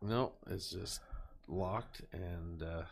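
A man co-hosting a podcast in casual chat, joking and crude with a deadpan delivery. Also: low voice, extremely slow, vocal fry. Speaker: podcast co-host.

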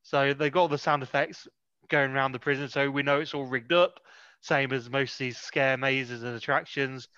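A man in casual chat reviewing a film as podcast co-host, sarcastic and energetic. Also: medium pitch, clean tone, no echo. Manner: sarcastic, energetic, quick to laugh. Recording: dry, slightly dull lo-fi audio.

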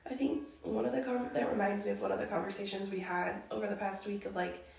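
A woman speaking in a relaxed, reflective way in casual podcast chat. Her voice is gravelly with vocal fry and has a middle pitch. She sits back from the mic in an echoey room. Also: fast talker. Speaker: podcast co-host. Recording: roomy, distant from the mic.

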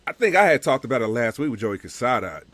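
A man in casual chat about wrestling, excitable and emphatic, breaking into loud bursts. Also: medium pitch, fast, no echo.

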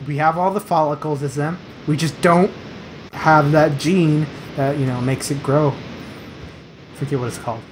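A man's voice: fairly high pitch, fairly even intonation, normal speed. A man in casual chat, rambling and playfully quizzing the other person with trivia facts. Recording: noisy background hiss.

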